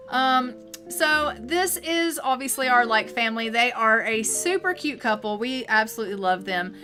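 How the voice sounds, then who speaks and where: A woman streamer giving casual let's-play commentary, chatty and full of fillers and quick asides. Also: a little high, animated, over music. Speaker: game streamer.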